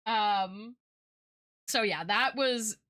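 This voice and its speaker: Bright, chatty young woman streamer. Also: mid-range voice, extremely slow, dry recording, studio quality. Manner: chatty, rambling, many fillers, giggly. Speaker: streamer and artist. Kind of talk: casual chat.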